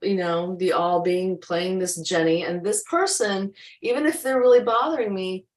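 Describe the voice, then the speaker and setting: Her voice is mid-range and her pace moderate as this co-host talks casually on a video call about spiritual growth. She wanders reflectively and acts out her own inner thoughts, with the sound distant and echoey.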